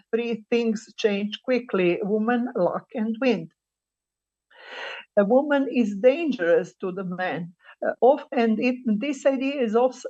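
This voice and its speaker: A woman presenting a paper at an online colloquium, pausing often with fillers as she reads out quoted examples. The sound comes through a video call. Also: mid-range voice, darkish tone, muffled recording. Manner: halting, many filler pauses while reading quotes. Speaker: conference speaker. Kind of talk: academic presentation.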